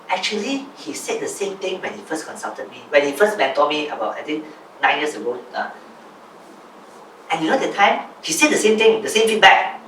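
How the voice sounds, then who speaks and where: Animated guy coaching a group, faint room hum behind, kinda distant. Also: high voice. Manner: animated, reads aloud from his journal. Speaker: business coach. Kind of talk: talk to a small group. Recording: roomy, voice from a distance, faint ambience.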